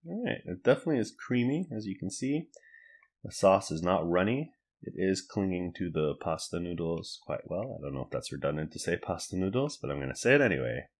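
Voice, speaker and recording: Guy with a deep voice doing a relaxed food review, bouncy delivery. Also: a little fast. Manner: relaxed, chatty, thinks aloud while cooking and tasting. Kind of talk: casual food review to camera.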